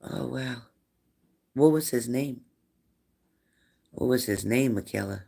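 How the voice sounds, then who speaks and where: A man's voice: medium pitch, takes it slowly, creaky, warm tone. A man hosting a live-stream spirit reading as a medium, who asks viewers the same probing questions again and again. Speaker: psychic medium.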